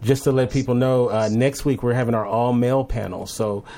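A man hosting a casual online talk show, speaking in a friendly, halting way with frequent restarts. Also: mid-range voice, steady tone, dark tone. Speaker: host. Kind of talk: casual chat.

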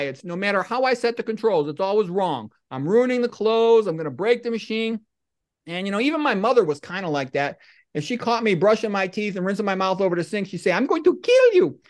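A middle-aged man hosts a podcast and talks his way through comic stories and quotes. His delivery stays deadpan and wanders into rambling asides. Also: high-pitched. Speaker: podcast host. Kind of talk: comic monologue and storytelling.

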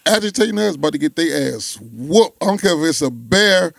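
A man's voice: fairly high pitch, animated, fairly quick, creaky, no room sound. A man with a Chicago accent, chatting casually and laughing as he tells stories in slang. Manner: laughing storyteller, slangy, repeats himself. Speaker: podcast host. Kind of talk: casual chat.

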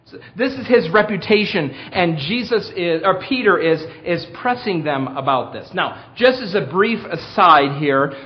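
Male preacher, high pitch, emphatic with rhetorical questions; muffled lo-fi sermon capture. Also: expressive, measured pace, few pauses. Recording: dull lo-fi sermon recording.

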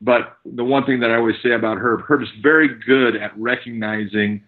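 A man who works as a fight referee, telling animated stories and acting out what people said. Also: mid-range voice, a little fast, phone-quality sound. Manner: animated storyteller, acts out quotes. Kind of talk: casual storytelling.

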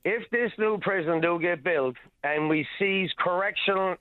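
A man from Newfoundland calling in to a radio show, earnest and halting, repeating words as he talks. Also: a little high. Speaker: caller. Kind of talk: phone-in call. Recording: tinny phone line.

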